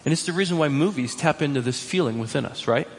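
Husky-voiced man preaching in a reverberant hall. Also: a little high, fast. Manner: animated, emphatic preaching with repetitions. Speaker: pastor. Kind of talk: sermon.

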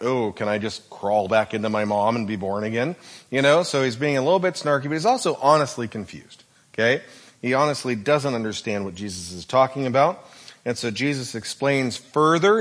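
A man's voice: medium pitch, a bit bright. Guy preaching, chatty, keeps asking "okay?" as he explains. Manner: explanatory, checks in with "okay?" often. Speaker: pastor. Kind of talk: sermon.

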